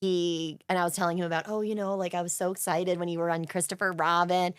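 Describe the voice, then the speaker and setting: A woman's voice: on the low side, flat delivery, quick pace, clear, resonant tone, dry recording, studio quality. A young adult woman co-hosting a podcast, telling a story in casual chat with gushing, emotional enthusiasm. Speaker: podcast co-host.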